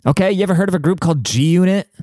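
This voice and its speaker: A man's voice: sits high, rapid-fire, a little mellow, dry recording, clean studio sound. A man hosting a podcast in casual, rambling chat full of swearing and filler words, giving relationship advice. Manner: profane, rambling bro-talk with filler words. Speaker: podcast host and rapper.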